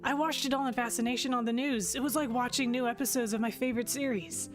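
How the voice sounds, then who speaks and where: A woman playing an earnest young starship captain in a sci-fi game, recording her log in a fairly high, sincere voice. Music plays steadily behind her. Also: steady tone, quick pace, close to an everyday voice. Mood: reflective. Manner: earnest first-person log narration.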